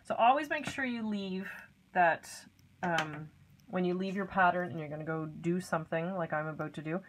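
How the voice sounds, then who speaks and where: A woman's voice: fairly low pitch, moderate pace, slight background noise, rough recording. Chatty woman teaching cross stitch at home. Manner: chatty, homey, with frequent ums and asides. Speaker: craft tutorial host. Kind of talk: casual step-by-step craft lesson. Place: home craft desk, indoors.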